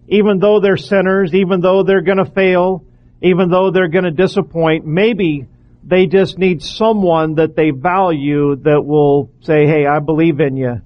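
High-voiced earnest male preacher. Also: highs cut off. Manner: earnest, pleading exhortation with emphatic repetitions. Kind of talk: sermon.

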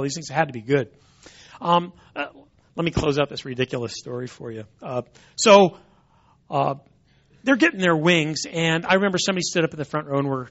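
A man's voice: a little high, a bit bright. A man who speaks as a Christian apologist, telling a humorous story and often repeating words as he goes, in a dull lo-fi recording.

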